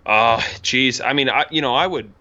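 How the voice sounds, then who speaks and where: Bright-voiced male podcast co-host. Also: mid-range voice, normal speed, highs cut off, slight background noise. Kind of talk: casual chat.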